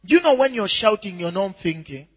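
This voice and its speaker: A man preaching a sermon with lively swings from quiet asides to shouts, often asking if the crowd is with him. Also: high-pitched, brisk, slightly rough. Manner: animated, rising to shouts, asks "are you with me?". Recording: dull echoey hall recording.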